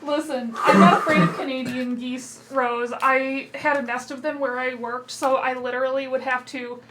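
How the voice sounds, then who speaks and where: A woman's voice: high-pitched, level tone, moderate pace. A woman player chatting before a tabletop game, mock-combative and giggly. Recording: faint background noise.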